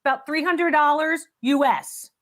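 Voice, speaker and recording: Brief: high-pitched middle-aged woman host, upbeat, chatty antiques appraiser on a call-in show. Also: measured pace, fairly bright tone.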